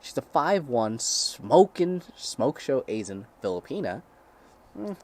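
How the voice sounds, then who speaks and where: Young man, crude sarcastic commentary, laughs a lot, pitch swings widely. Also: sing-song, slow, darkish tone. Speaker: YouTuber reading blog posts aloud. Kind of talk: comedic reading with commentary.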